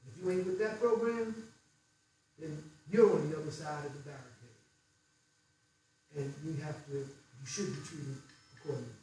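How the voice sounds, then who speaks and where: A man's voice: a little high, normal speed, long pauses, mellow, a little hiss or hum. An older man from the United States giving a fiery, blunt political lecture to an audience, repeating phrases for emphasis. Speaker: guest speaker. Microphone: distant room mic. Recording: echoey hall recorded from far off.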